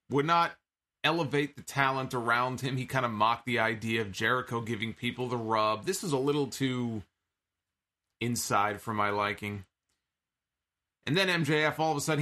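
A man's voice: medium pitch, sharp tone. A man hosting a podcast, giving an opinionated, casual recap of a wrestling show and quoting lines from it.

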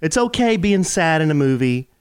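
A man's voice: a little high, sing-song, moderate pace, clean tone, no echo, clean studio sound. A man co-hosting a podcast with his wife, casually giving fired-up, passionate opinions. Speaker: podcast co-host. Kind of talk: casual chat.

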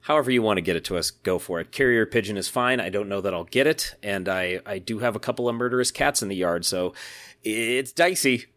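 A man's voice: on the low side, brisk, fairly bright tone. A man hosting a podcast in casual chat, upbeat and jokey, reading listener mail aloud. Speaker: podcast host.

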